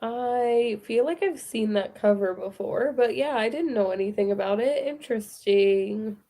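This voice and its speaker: A woman's voice: on the high side, unhurried, warm tone. A young woman, co-hosting a book club and chatting casually, laughing often and quoting herself. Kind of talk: casual chat.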